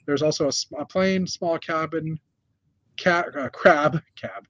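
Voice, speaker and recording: A man's voice: fairly high pitch, measured pace, a bit bright, no room sound, highs cut off. A man hosting a casual news chat from a hotel room, rambling with many fillers and restarts. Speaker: host.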